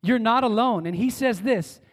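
A man preaches with a bright, high-pitched voice, leading his congregation in call-and-response. He moves between strong, emphatic lines and soft, hushed phrases. His voice rings out in a church with a long, lingering reverb. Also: moderate pace. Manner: dynamic, swinging from emphatic calls to hushed words. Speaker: pastor. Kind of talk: sermon. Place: church sanctuary.

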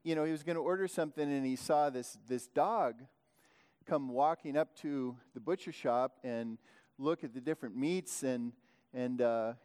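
A man's voice: medium pitch, normal speed, darkish tone, clean tone. Man preaching in a reverberant hall. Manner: rambling, self-correcting, many restarts. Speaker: pastor. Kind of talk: sermon.

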